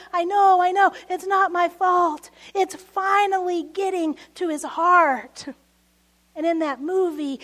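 A woman pastor delivers a sermon in a very high, light voice. She talks slowly and conversationally, with chuckling asides to the congregation. Key lines sink to a near whisper.

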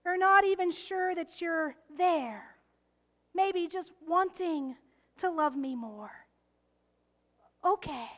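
A woman preaching a heartfelt sermon, slow and emphatic, often dropping to a soft whisper. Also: very high-pitched.

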